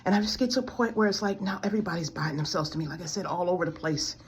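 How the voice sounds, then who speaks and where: A woman's voice: on the low side, racing. A woman in her forties giving a pleading, tearful spiritual testimony to camera, close to tears and repeating her complaints. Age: 40s. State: near tears.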